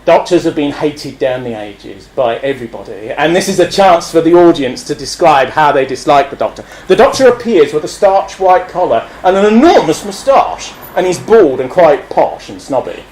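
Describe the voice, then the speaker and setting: A man gives a lecture with wry humour and digressions, laughing now and then. His voice sits high for a man. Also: sing-song, moderate pace, hardly any pauses, a little mellow, a little hiss or hum, low-quality recording. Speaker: speaker.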